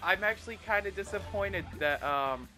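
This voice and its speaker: A man's voice: high voice, expressive, moderate pace, music in the background. A man hosting a video game let's play, rambling in a self-deprecating way and swearing freely. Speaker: gaming video host.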